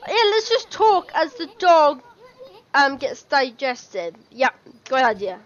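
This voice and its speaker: A woman doing casual let's-play commentary, reading dialogue aloud and reacting with excitement and the odd swear. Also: high-pitched, slow, muffled recording. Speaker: gameplay commentator.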